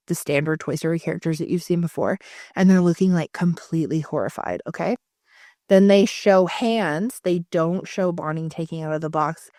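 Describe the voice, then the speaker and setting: A woman co-hosting a casual podcast chat, telling animated stories with lots of swearing and acted-out quotes. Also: on the low side, no echo, clean studio sound. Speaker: podcast co-host.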